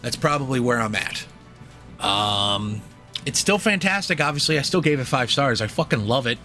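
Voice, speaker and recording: A man's voice: mid-range voice, animated, moderate pace, sharp tone, faint music behind. A young man co-hosting a film podcast, talking in a rambling, jokey, profane way. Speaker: podcast co-host reviewing a film. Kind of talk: casual chat.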